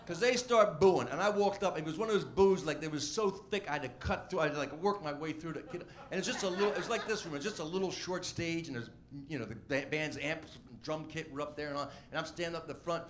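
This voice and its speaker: Guy comic rambling thru an old story, quick and animated, voice a bit high. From Washington D.C. area. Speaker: comedian. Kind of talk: storytelling interview.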